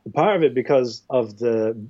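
An Irish filmmaker, a guest on a podcast, talking casually about films in a rambling way with frequent restarts. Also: male voice, medium pitch, normal speed, warm tone. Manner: rambling, with many restarts and fillers. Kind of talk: casual film discussion. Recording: dull, muffled audio.

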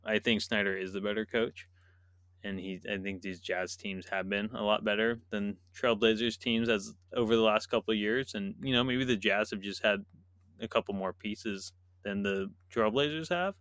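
A man's voice: lowish voice, fairly even intonation, normal speed, a bit bright, smooth, no echo, clean studio sound. A man co-hosting a casual sports podcast, talking animatedly, laughing and acting out imagined quotes. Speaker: podcast co-host.

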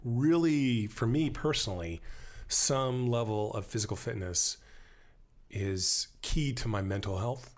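A man talking in a casual podcast conversation, animated and rambling, joking as he tells stories. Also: mid-range voice, measured pace. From born in Germany to American parents. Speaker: podcast guest.

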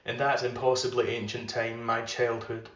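Guy reading lit aloud, slow and careful, bit of room echo, kinda dull sound. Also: mid-range voice, little pitch movement, fairly bright tone. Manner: measured, unhurried reading; loose and filler-heavy when chatting. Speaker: podcast host reading aloud. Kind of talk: literary reading. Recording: roomy, slightly dull recording.

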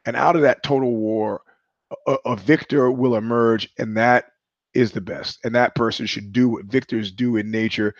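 A man's voice: mid-range voice, steady tone, moderate pace, no room sound, highs cut off. Sardonic rambling male podcast host. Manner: rambling, sardonic, with frequent restarts. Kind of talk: casual monologue.

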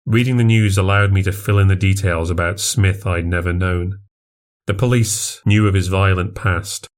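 A man's voice: deep voice, fairly even intonation, moderate pace. A man narrating a first-person horror story for a podcast, in a confessional, plainspoken way.

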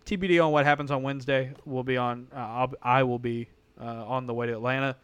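A man co-hosting a casual sports podcast, talking in an animated, sarcastic way with mock-outraged asides. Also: medium pitch, fast, smooth, no room sound. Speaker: podcast co-host.

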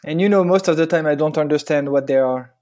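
A man's voice: on the high side, quick pace, darkish tone. A man in his thirties with a French accent and French as his first language, talking casually as a podcast guest, hesitant and searching for words. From France. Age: 30s. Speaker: guest photographer.

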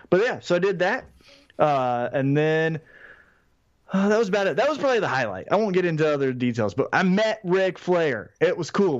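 Animated man telling a story, dull sound. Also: fairly high pitch, no room sound. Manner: animated, swearing, acts out quotes. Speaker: podcast co-host. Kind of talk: casual storytelling chat.

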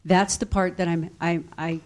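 An emotional woman sharing about her faith in a spiritual group, speaking softly and haltingly. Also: fairly low pitch, level tone. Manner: hesitant, halting, soft-spoken. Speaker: group participant.

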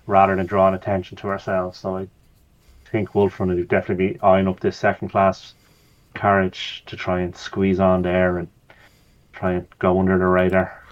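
Man, tabletop player, hesitant, low voice, muffled recording. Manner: hesitant, thinking aloud. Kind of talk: tabletop game play.

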